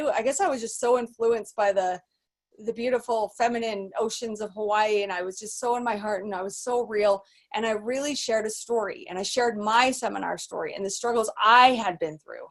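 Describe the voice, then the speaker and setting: A woman business coach telling her story in an animated motivational talk, full of restarts and fillers. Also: on the high side, normal speed. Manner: animated, acts out quoted voices; rambling with many restarts and fillers.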